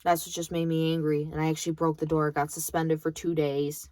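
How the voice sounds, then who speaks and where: A woman's voice: low voice, level tone, a little fast, darkish tone, dry recording. A young woman in college venting bluntly about her grandmother, swearing freely in a bitter monologue. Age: young adult. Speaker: vlogger.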